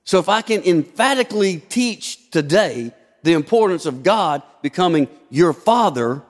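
A man's voice: high voice, lively intonation, a little slow, hardly any pauses. A man preaching a sermon as pastor, asking rhetorical questions and shifting his emphasis often. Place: church sanctuary. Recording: long hall reverb.

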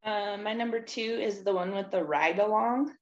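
A woman who is a podcast guest, speaking slowly and hesitantly with a lot of "um". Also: mid-range voice, muffled recording. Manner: slow and hesitant, uses "um" a lot. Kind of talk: casual chat.

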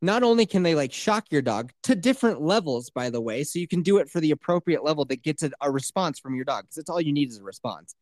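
A young man telling a story in casual chat, animated and full of swearing. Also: fairly high pitch, fast, few pauses, no room sound, clean studio sound.

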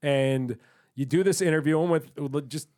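A man's voice: a little high, moderate pace, darkish tone. A man hosting a podcast who asks questions in a casual chat and swears bluntly now and then. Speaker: podcast host.

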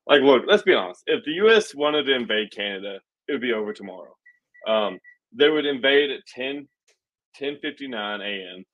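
Male co-host, mid-pitch and very lively in intonation; jokey, profane, riffing with mock quotes. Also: normal speed, highs cut off. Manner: joking, profane, animated storytelling with mock quotes. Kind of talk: casual political chat.

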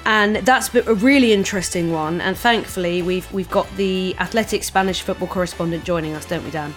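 A young woman co-hosts a football podcast in a relaxed, chatty way, often restarting her phrases. Her voice sits a little low for a woman. Faint music plays in the background. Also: fairly quick. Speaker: podcast co-host. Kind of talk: casual football chat.

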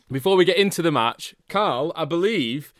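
A man's voice: fairly high pitch, lively intonation, normal speed, no room sound, clean studio sound. A man hosting a football podcast in casual chat, teasing his guests jovially and steering the conversation. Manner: teasing, jovial, leads the talk. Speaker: podcast host.

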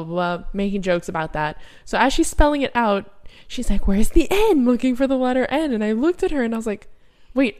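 Tired young woman, lively swooping pitch, teasing podcast co-host who laughs a lot. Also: clean tone. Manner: animated storyteller, laughs often, teasing. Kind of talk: casual chat.

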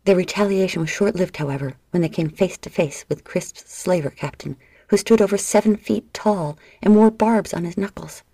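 A woman reading a novel aloud in steady, measured audiobook narration. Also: fairly low pitch, breathy edge, dry recording, studio quality.

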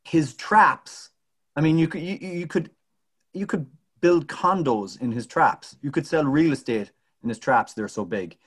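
A man's voice: a little high, unhurried, fairly bright tone, husky. A man co-hosting a casual sports podcast, bantering in a wry, joking way. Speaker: podcast co-host.

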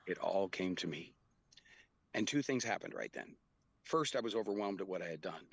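A middle-aged man, a guest telling a personal story in an earnest, halting way. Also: low voice, expressive, vocal fry, husky, dry recording. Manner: earnest, halting, with quoted dialogue.

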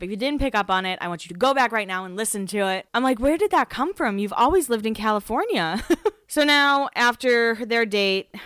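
Chatty woman podcaster, smooth dry voice. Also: mid-range voice, bright, forceful tone, no echo. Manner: chatty, lots of "like" and restarts. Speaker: podcast host. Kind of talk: casual recap chat.

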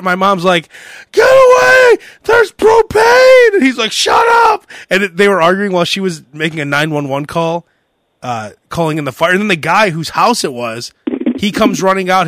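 A young man hosting a casual podcast, telling a story in a lively way and acting out the shouting of the people in it. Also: on the high side, no room sound, studio quality. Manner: animated storyteller who acts out shouted quotes. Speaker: podcast host.

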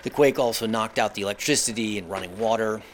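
Somber low-voiced male field reporter. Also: slight background noise. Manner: measured, somber narration. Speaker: foreign correspondent. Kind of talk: scripted news report from the field.

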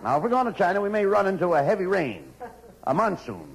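Gravelly, exasperated straight man. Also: sits high, very animated, fast, poor audio. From United States. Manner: exasperated, correcting. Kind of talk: 1940s radio comedy.

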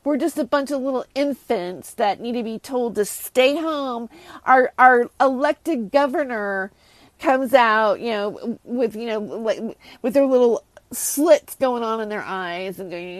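A woman's voice: fairly high pitch, a little slow, no echo. Exasperated woman ranting solo. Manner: exasperated, sarcastic, rambling with many restarts. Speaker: host. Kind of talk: casual solo rant.

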